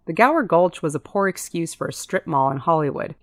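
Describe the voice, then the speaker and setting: A woman's voice: lively intonation, a little fast, no echo, clean studio sound. A woman reading a first-person story as an audiobook narrator, switching into character voices for dialogue. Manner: voices characters with pitch lifts.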